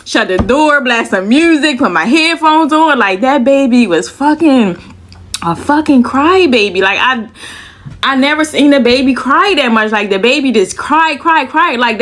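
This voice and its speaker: Breathless woman storyteller, bright and forceful tone, animated and profane, casual vlog delivery. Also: on the high side. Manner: animated, profane, repeats phrases for emphasis. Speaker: storyteller vlogger.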